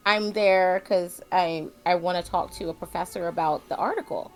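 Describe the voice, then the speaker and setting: A woman player in a tabletop game, speaking hesitantly with many pauses and fillers. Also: lowish voice, fairly even intonation, faint music behind, low-quality recording.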